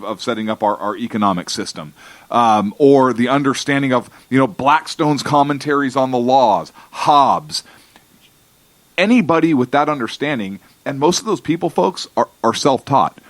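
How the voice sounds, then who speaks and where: A man co-hosting a talk radio show, arguing emphatically and slowly about principles, often restarting his sentences. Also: mid-range voice, a bit bright, no echo. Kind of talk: political talk radio discussion. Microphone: studio microphone.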